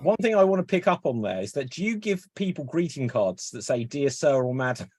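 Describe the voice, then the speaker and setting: A man's voice: medium pitch, sing-song, a little mellow, breathy edge, no room sound. Brief: male improv emcee on a video call, snappy prompting, dry close sound. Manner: brisk, upbeat, auctioneer-like prompting. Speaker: improv host. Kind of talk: emceeing an online improv game.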